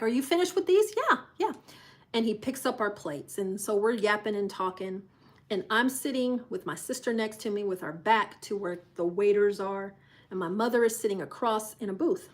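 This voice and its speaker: A woman hosting a live cruise show tells a story in a casual, chatty way. She acts out the voices of the people she quotes. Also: medium pitch. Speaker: cruise channel host.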